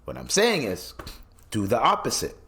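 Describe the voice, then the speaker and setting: A man's voice: mid-range voice, huge pitch swings, moderate pace, bright, forceful tone, slight background noise. A man hosting his own podcast, ranting loosely and swearing freely, with lots of restarts. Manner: loose and rambling, with many restarts. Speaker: podcast host. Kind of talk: solo podcast rant.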